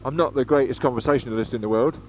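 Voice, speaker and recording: A motorcycle vlogger from England chats and rambles while riding on the road, swearing freely and drifting from topic to topic. His mid-range voice is a little mellow and comes out rapid-fire. A helmet-mounted action camera picks him up outdoors, with faint road and engine noise.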